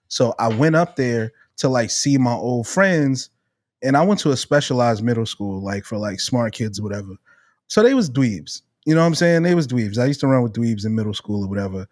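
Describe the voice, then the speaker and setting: Animated man telling a story, dry sound. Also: mid-range voice, no echo. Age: around 30. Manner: animated, swears freely, acts out quoted voices. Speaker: podcast co-host. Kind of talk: casual storytelling chat.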